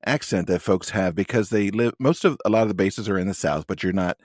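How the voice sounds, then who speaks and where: A man's voice: low voice, brisk, a little mellow, no echo. A man co-hosting a podcast in casual chat, rambling with dry humor. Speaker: podcast co-host.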